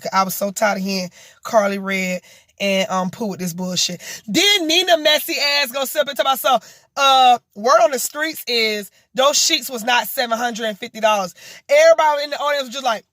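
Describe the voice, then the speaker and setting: A woman vlogger recapping a reality show in blunt, profane, animated gossip commentary. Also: fairly high pitch, no room sound, studio quality. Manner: animated, mocking and exasperated.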